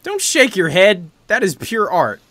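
A man's voice: high voice, big pitch swings, a little slow, fairly bright tone, dry recording. A man chatting casually on stream, teasing with dry remarks. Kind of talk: casual chat.

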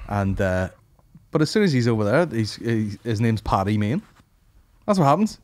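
A man's voice: lowish voice, sing-song, moderate pace, darkish tone, no echo. A young man hosting a podcast, throwing crude banter and prompting his guest in a casual chat. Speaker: podcast host.

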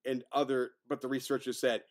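A man co-hosting a casual film review podcast, talking with animated, profane energy. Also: mid-range voice, a little fast. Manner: profane, animated, mocking impressions. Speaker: podcast co-host.

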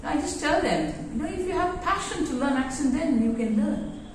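A woman English teacher giving a lesson in a classroom, halting with many fillers. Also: high voice, expressive, a little hiss or hum. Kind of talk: explanatory lesson. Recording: very echoey room, voice far from mic.

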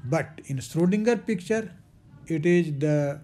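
A man's voice: a little high, animated, warm tone, a little hiss or hum. Man with teaching physics. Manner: repeats key terms slowly, with fillers. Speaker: physics lecturer. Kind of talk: recorded lecture.

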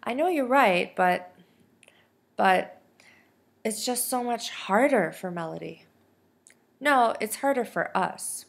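A woman's voice: a little high, expressive, slow pace, vocal fry, long pauses, pitched above the performer's own voice, full character voice. A woman voicing a caring, emotional mother in a lilting, motherly tone. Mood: earnest.

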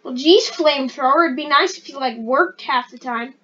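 A woman giving casual, rambling gameplay commentary as a channel host, excitable and self-deprecating. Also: high voice, normal speed, highs cut off.

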